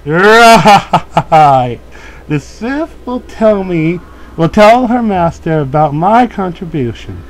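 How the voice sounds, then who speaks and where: A man's voice: sits high, big pitch swings, takes it slowly, poor audio. A man giving casual, joking commentary while playing a video game, often laughing at himself. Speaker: let's play host.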